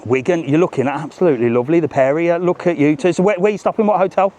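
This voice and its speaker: A man's voice: a little high, very fast, a little mellow. A man hosting a live walking vlog outdoors on a seaside promenade, joking and bantering cheekily with passers-by. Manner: cheeky, jokey, banters with strangers. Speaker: travel vlogger host.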